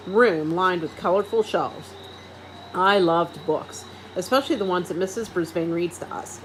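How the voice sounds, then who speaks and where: A woman reading a children's storybook aloud in an expressive, animated first-person way. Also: on the low side, a little fast, slight background noise, poor audio. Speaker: reader.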